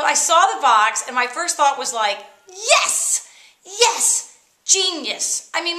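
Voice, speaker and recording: A middle-aged woman doing a sarcastic comic monologue to camera, breaking into shrill mock excitement. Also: roomy sound. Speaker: comedy vlogger.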